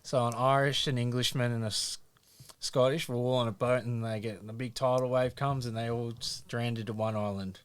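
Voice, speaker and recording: A man's voice: medium pitch, fairly even intonation, normal speed, clean tone. Man co-host telling a pub joke. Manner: laughs while joking. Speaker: podcast co-host. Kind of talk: casual chat, telling a joke.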